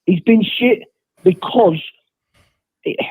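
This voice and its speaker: A man's voice: sits high, slow pace, breathy edge, no echo. An unwell man calling in by phone, ranting bluntly about his football team. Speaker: caller. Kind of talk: phone-in rant. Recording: tinny phone line.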